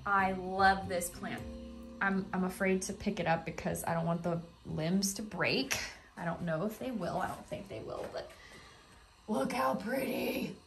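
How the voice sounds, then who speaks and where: This vlogger's voice sits on the low side and is a bit bright, with fairly even intonation at a normal speed. She chats enthusiastically through a home how-to video, filling it with fillers while breathing heavily. The home office room echoes, and faint music plays.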